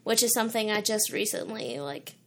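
A woman's voice: medium pitch, sing-song, fairly quick, gravelly, a bit bright. A woman in her twenties talking in casual chat, earnest, with many "like" and "um" fillers as she tells her testimony. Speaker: guest sharing her testimony.

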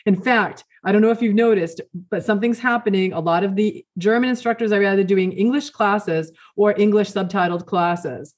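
A woman's voice: mid-range voice, moderate pace, few pauses, a little mellow. Chatty woman on a podcast. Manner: chatty, uses fillers. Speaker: podcast co-host. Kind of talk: casual chat.

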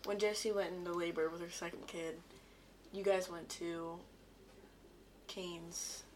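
A woman in casual chat, slowly asking a friend to tell a story. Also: on the low side, fairly even intonation. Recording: very noisy lo-fi recording.

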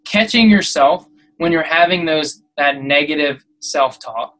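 A man's voice: fairly high pitch, a little slow, bright, forceful tone, poor audio. Preachy motivational podcast man. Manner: preachy and exhorting, rising to emphatic peaks. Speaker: podcast host.

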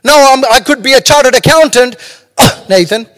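A man's voice: very high-pitched, normal speed, a bit bright, big-room sound. A man preaching a sermon as pastor, talking conversationally and joking between stories. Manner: humorous, conversational preaching with storytelling asides.

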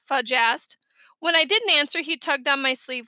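A woman narrating a children's book aloud in a lively, expressive way. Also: sits high, normal speed, dry recording. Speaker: audiobook reader.

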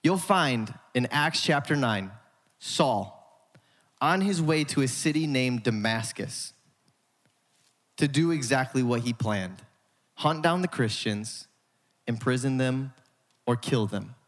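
Man preaching, emphatic, dramatic pauses, mid-pitched voice, long hall reverb. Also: lively intonation, fairly bright tone. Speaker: pastor. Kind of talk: sermon.

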